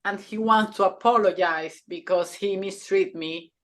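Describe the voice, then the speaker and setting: A woman in her thirties or forties shares a personal story as a podcast co-host, at an unhurried, deliberate pace. Her English is a second language, with small grammar slips, and she speaks earnestly. She often halts and restarts mid-thought. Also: mid-range voice, fairly bright tone. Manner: earnest, halting, with frequent restarts.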